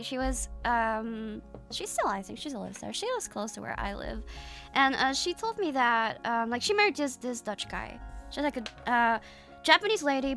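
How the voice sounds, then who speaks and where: A young woman chats casually to her stream audience, trailing off and restarting often. Her voice is bright and a little high for a woman. A soft music bed plays quietly behind her. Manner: rambling and hesitant, many restarts and fillers. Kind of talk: casual chat to viewers.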